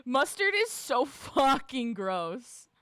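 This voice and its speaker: Woman, livestreamer, high voice, leisurely delivery, laughs a lot, swears, casual chat. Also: takes it slowly, smooth, no echo, studio quality. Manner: animated, swears freely, laughs often, shouts greetings to chat. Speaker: livestreamer reading and answering chat.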